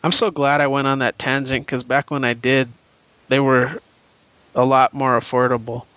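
A man's voice: mid-range voice, little pitch movement, normal speed, bright, forceful tone, no room sound, lo-fi sound. A man co-hosting a casual podcast, retelling comic stories in a rambling, enthusiastic way with many fillers. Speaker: podcast co-host. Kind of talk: casual comic book chat.

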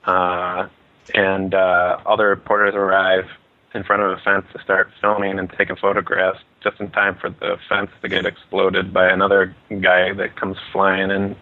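A man's voice: sits low, completely flat delivery, moderate pace. A man co-hosting a podcast, summarizing in a laid-back, self-deprecating casual chat. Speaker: podcast co-host. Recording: tinny phone line.

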